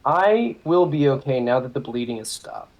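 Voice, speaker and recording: Rambling man with a mellow voice. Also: medium pitch, lively intonation, poor audio. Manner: rambling, halting, swears casually. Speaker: player. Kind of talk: casual tabletop game chat.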